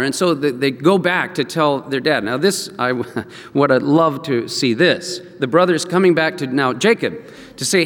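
A male preacher giving a sermon as an animated storyteller who acts out the quotes and chuckles along. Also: medium pitch, normal speed. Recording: echoey hall.

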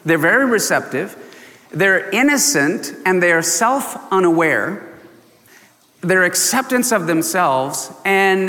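A man preaching a sermon in a church, animated and often laughing, acting out the voices of people in his story. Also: high-pitched, moderate pace, big-room sound. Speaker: pastor.

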